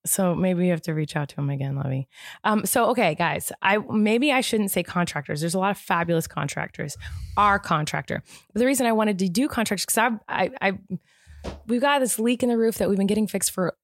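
A woman's voice: mid-range voice, fairly quick, dry recording. Chatty woman on a dry mic. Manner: chatty, animated storytelling with many "like"s. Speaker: podcast co-host. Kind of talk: casual chat.

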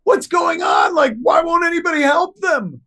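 A panicked young woman shrieks and pleads in a very high, strained voice. She sounds frantic and close to tears. Her voice is loud and shrill. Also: animated, moderate pace. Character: hysterical young woman, terrified a film is real.

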